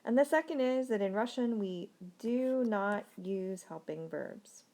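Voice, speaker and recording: A woman teaching a recorded language lesson, speaking clearly and slowing down to model example sentences. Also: medium pitch, lively intonation, a little mellow.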